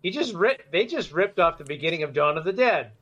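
Brief: male co-host, wry asides, slightly high voice, dull lo-fi audio. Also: sing-song, fairly quick, bright, forceful tone, slight background noise. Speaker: film commentary co-host. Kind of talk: casual movie riffing.

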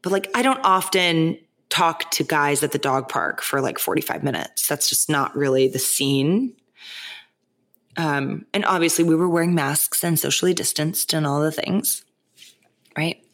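A woman hosting a podcast, talking in a casual, animated way, full of "like" and "right?". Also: low voice, measured pace. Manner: animated, chatty, lots of "like" and "right?". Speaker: podcast host. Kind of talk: casual spiritual monologue.

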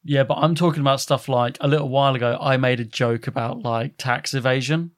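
A young man talks casually on a podcast, with a middle-pitched voice. He is animated, drops swear words easily and acts out quotes from people he talks about. His manner is loose, chatty and expressive. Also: a little fast.

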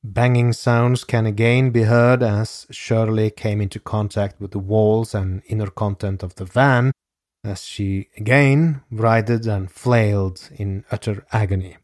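A low-pitched man narrates true crime from a script, slow and measured. His voice sits close and dry to the microphone, each sentence delivered with grave weight. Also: fairly even intonation, darkish tone, no echo. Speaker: podcast host.

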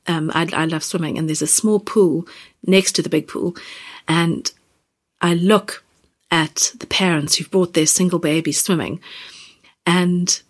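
A woman in her thirties or forties hosting a podcast, speaking gently and haltingly about personal feelings, close to tears. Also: fairly low pitch, steady tone. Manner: gentle, halting, many fillers and restarts. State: near tears. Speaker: podcast host. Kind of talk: reflective personal podcast talk.

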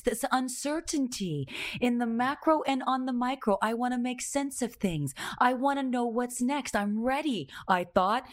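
A woman telling a personal story in a confessional monologue, moving between hushed, near-whispered phrases and intense, emphatic bursts, with words repeated for rhythm. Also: fairly high pitch.

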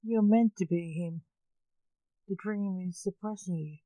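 A woman reading a story gives voice to the Sandman, a calm male dream guardian from a storybook. He speaks slowly and matter-of-factly in a warm, mellow tone, recorded close and dry. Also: medium pitch, no room sound, lightly acted.

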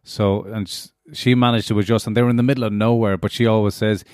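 A man's voice: lowish voice, fairly even intonation, fast talker, a little mellow, smooth, dry recording, clean studio sound. A man with a Cork accent, chatting casually as a podcast guest. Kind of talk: casual chat.

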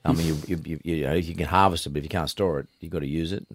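A man's voice: very deep voice, steady tone, racing, no echo, clean studio sound. An older Australian man hosting an interview, blunt and rambling with frequent restarts. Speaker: podcast host. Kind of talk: casual interview.

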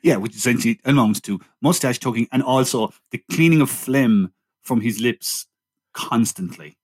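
A man's voice: medium pitch, moderate pace, breathy edge. A man co-hosting a casual film review chat, chatty and steering the discussion back on track. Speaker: podcast co-host.

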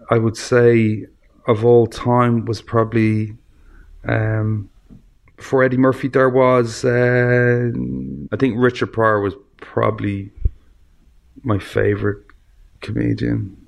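A man's voice: mid-range voice, gravelly. An Irish man chatting as a podcast guest, rambling and hesitant with plenty of fillers and restarts. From Ireland. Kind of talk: casual chat. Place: recording studio.

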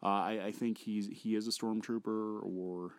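A man's voice: fairly low pitch, fairly even intonation, normal speed, clean tone, no room sound. A man co-hosting a podcast in casual chat, rambling and hesitant with many fillers. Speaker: podcast co-host.

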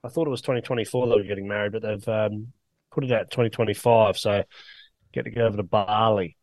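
A man's voice: fairly low pitch, fairly even intonation, quick pace, darkish tone, dry recording. A man co-hosting a podcast over a video call, joking along and relaying a news item casually. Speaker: podcast co-host. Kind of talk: casual chat.

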